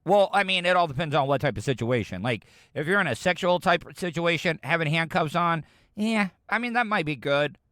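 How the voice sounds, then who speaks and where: A man's voice: on the high side, expressive, brisk, a bit bright, no echo, studio quality. A man from the United States hosting a podcast, rambling casually as he reacts to audio clips. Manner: rambling, chatty, frequent restarts. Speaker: podcast host.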